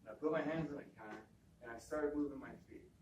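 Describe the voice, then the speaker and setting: A man's voice: on the high side, quick pace, muffled recording. A man telling his own story in an easy, conversational voice, doubling back on words and acting out what people said. He sounds a little distant from the mic, in a room with a lot of echo. A faint hum of ambience sits behind him. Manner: conversational, repeats words, quotes others. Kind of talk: personal storytelling talk.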